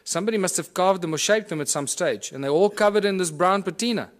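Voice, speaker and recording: A man's voice: sits high, fast talker. A man giving a conference lecture, explaining things and pointing them out to his audience as he demonstrates. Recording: echoey room.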